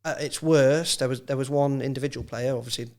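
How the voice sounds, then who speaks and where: A man's voice: medium pitch, steady tone, brisk, a little mellow. An English man, a former football physio, chatting casually on a podcast and telling stories about players with a laugh. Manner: chatty, storytelling, laughs at own anecdotes.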